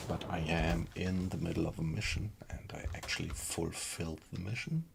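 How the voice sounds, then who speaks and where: A man chatting casually with viewers while he plays a game live from his small home computer room, relaxed and unhurried. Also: low voice, gravelly, noisy background. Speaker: game streamer. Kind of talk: casual live-stream chat while playing.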